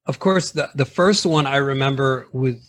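A man chatting casually about movies in a laid-back, dry way, often trailing off softly. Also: medium pitch, normal speed, slight background noise.

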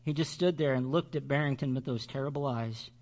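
A man's voice: mid-range voice, a little fast, darkish tone. Man pastor reading a story.

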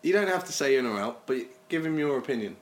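A man's voice: mid-range voice, lively intonation, fast. A man hosting a casual podcast, teasing his co-host and laughing often. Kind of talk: casual banter.

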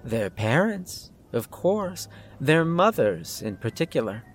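A man reading a calm, menacing doctor who speaks politely with clinical detachment. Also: on the high side, slow, faint music behind, pitched above the performer's own voice. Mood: coldly polite.

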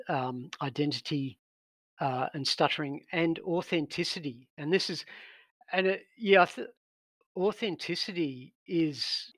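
A middle-aged Australian man speaks in a slightly high voice, stuttering and repeating sounds as he talks. The recording is dry and close, with no room sound. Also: a bit bright, dry recording. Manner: stutters with frequent sound and word repetitions. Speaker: guest. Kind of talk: casual conversation.

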